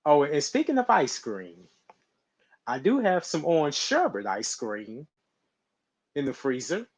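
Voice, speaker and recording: A man's voice: a little high, wildly swooping pitch, a little slow, husky. A man chatting casually on a stream, rambling and laughing often. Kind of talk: casual live-stream chat. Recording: slightly dull lo-fi mic.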